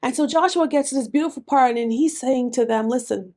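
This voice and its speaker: A woman's voice: high voice, a little fast, hardly any pauses, darkish tone. Earnest woman teaching the Bible. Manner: earnest, reads scripture aloud then explains it with feeling.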